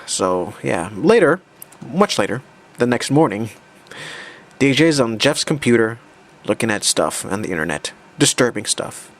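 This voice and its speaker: Young man, casual creator commentary, rambling and halting. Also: mid-range voice, very animated. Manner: rambling, halting, with many restarts. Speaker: comic creator.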